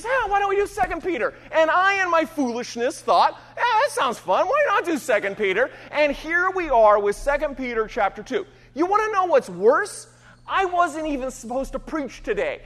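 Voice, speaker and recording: A man's voice: very high-pitched, bright, forceful tone, in a large hall. A man preaching a sermon as a pastor, in a conversational, self-deprecating way, often asking his listeners "right?". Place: church sanctuary.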